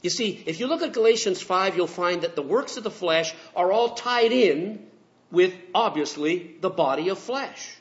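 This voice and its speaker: A man's voice: high voice, lively intonation, normal speed. Earnest male preacher, lo-fi. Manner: storytelling, earnest and reflective. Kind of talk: sermon. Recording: dull lo-fi recording.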